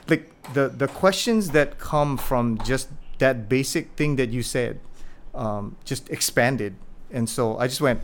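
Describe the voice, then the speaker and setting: A man hosting a podcast in Hawaii, introducing his guest in a casual, rambling way and acting out quotes with lively energy. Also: medium pitch, a little slow. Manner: rambling, animated retelling with acted-out quotes. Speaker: podcast host.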